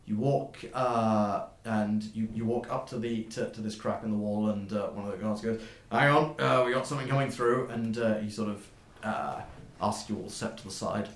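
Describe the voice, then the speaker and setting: A man narrating a tabletop game as game master, in a halting way, with many fillers and restarts. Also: fairly low pitch, little pitch movement, a little mellow. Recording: roomy echo.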